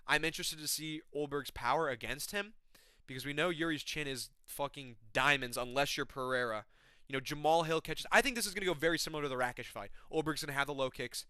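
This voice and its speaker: A man ranting casually with excitement and heavy profanity, giving his fight predictions as the host of a mixed martial arts channel. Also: on the high side, fast, clean tone, no room sound. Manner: excitable, profane, slangy fan talk.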